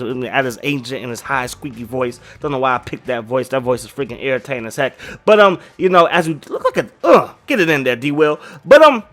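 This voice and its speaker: A man's voice: mid-range voice, fairly bright tone. A man chatting casually while he plays a video game, rambling and slangy, often asking "you know what I mean". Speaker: gaming YouTuber.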